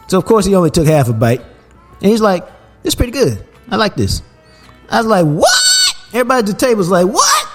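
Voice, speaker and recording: A relaxed man tells a long story in a casual, unhurried way. His voice sits a bit high for a man and swings widely in pitch. Faint music plays beneath. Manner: laid-back, laughs while telling stories. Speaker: podcast host.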